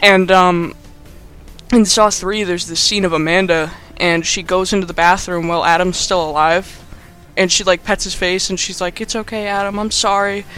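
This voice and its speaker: Rambling, bright-voiced man recapping a film. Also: sits high, moderate pace, faint music behind. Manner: rambling, animated, many fillers. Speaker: podcast host.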